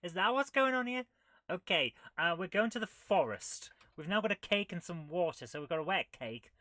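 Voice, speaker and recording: Reading a retro game's text aloud, this female host drops dry, joking remarks throughout her laid-back playthrough commentary. Her voice sits lowish and slightly bright, with lively intonation and a moderate pace.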